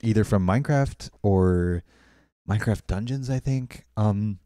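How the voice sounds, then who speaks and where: This is a young man's casual live-stream chat as he builds in a game, talking with viewers, reading their messages aloud, and frequently saying sorry. He speaks unhurriedly in a fairly low, warm voice, captured at studio quality with no room sound.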